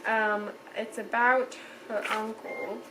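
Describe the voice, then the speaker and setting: A woman's voice: on the high side, level tone, takes it slowly, background noise. A young woman casually reviewing a novel she loved, chatty and gushing, often trailing off and restarting her sentences. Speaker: book reviewer. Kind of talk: casual book review vlog.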